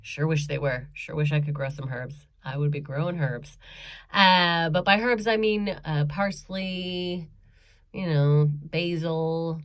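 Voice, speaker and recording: Brief: woman comic, lowish voice, chatty and self-mocking, performing from her bedroom. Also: fairly even intonation, slow pace. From Canada. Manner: chatty, self-mocking, frequent laughs and ums. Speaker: stand-up comedian. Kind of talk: stand-up comedy set over video. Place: home bedroom.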